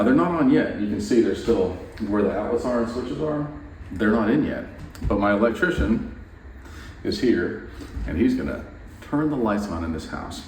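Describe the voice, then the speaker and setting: A man vlogging his house renovation in a playful, mock-excited way, then turning to earnest preaching. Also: lowish voice, slight background noise. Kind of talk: casual talk to camera with preaching. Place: unfinished house interior. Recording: echoey empty house.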